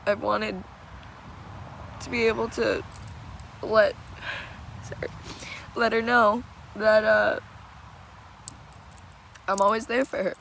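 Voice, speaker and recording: A teenage girl speaking in a halting, tearful personal confession, searching for words as she goes. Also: medium pitch, level tone, creaky, a bit bright, a little hiss or hum, rough recording. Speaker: vlogger.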